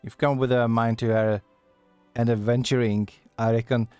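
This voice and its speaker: A worldly male tavern keeper with a gruff edge, as a man reads him aloud. The lines come haltingly and trip over the dialect, at an ordinary middle pitch. Faint game music plays underneath. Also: darkish tone, lightly acted. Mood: stumbling.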